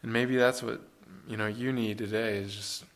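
A man's voice: fairly low pitch, fairly even intonation, moderate pace, fairly bright tone. A man preaching a sermon in an earnest, conversational way, with rhetorical questions and frequent restarts.

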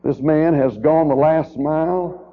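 A man's voice: fairly high pitch, fairly even intonation, measured pace. A man preaching a sermon as a guest speaker, emphatic, with rhetorical questions and runs of repeated phrases. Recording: tinny, narrow-band old tape recording.

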